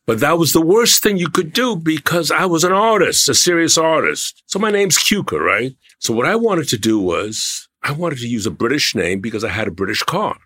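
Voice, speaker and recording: An older man, a guest on a talk show, telling long, animated anecdotes about his own past. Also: fairly high pitch, normal speed, few pauses, no room sound, clean studio sound. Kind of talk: anecdotal storytelling.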